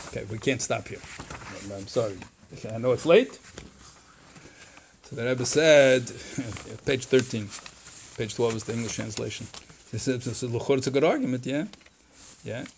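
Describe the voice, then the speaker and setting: A man, a rabbi teaching a Torah class, talking in an animated way, mixing in Hebrew and Yiddish quotes and voicing objections with sarcasm. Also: medium pitch, gravelly, slight background noise.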